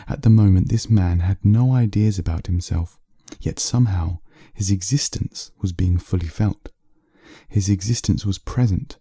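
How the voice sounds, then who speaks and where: A man reading a bedtime story aloud in a slow, soothing narration. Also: sits low, warm tone, dry recording, studio quality.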